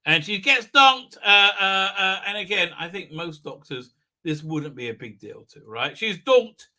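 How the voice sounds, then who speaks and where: A man's voice: high-pitched, animated, unhurried, sharp tone. A man hosting a livestream, giving a rambling, sarcastic commentary, full of fillers and restarts. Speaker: livestream host reviewing a TV episode.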